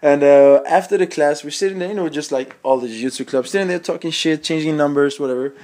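Giggly podcast host. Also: male voice, a little high, fast talker, a little mellow. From Sweden. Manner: giggly, laughs often between lines. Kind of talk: casual storytelling chat.

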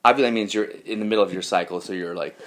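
A man, a comedian guest in a casual podcast chat, telling animated stories and acting out other people. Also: fairly low pitch, racing, a crowd in the background. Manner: animated storytelling, acts out other people with raised voice.

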